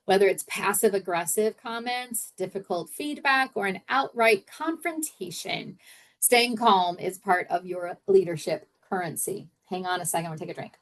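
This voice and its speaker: A woman's voice: mid-range voice, normal speed, a bit bright. Middle-aged woman, podcast host and coach; loose, chatty delivery full of fillers. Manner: chatty, with many fillers and self-corrections. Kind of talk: casual solo podcast teaching.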